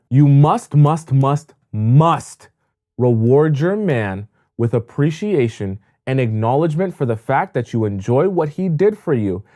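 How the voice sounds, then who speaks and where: A man's voice: mid-range voice, dark tone. A man giving dating advice in an emphatic coaching monologue, repeating words for stress.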